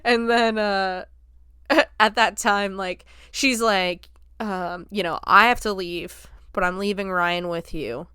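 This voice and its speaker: A woman's voice: medium pitch, fairly even intonation, takes it slowly, bright, forceful tone, clear, resonant tone, dry recording, studio quality. A woman hosting a podcast, casually recapping a film scene by scene, laughing often and acting out the lines she quotes. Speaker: podcast host reviewing a film.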